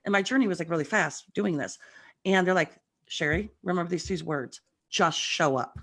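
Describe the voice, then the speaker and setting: Woman medium chatting on a video call, animated storyteller, bit of morning roughness in her voice. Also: lowish voice, moderate pace. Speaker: guest medium. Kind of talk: casual chat.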